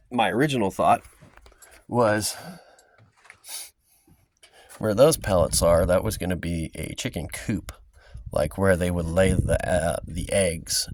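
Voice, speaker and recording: A man talking casually to camera in a loose, chatty vlog, outdoors by an RV in the desert, full of fillers and asides. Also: sits low. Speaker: vlogger.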